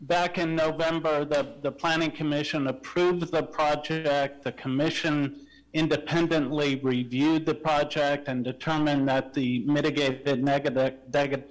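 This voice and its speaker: A man joins a council meeting by video call to wrap up a project for the applicant. His voice sits fairly high and stays flat, and he stumbles and repeats words as he goes. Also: measured pace, poor audio. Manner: hesitant, repeats words while restarting. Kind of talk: remote presentation at a council meeting.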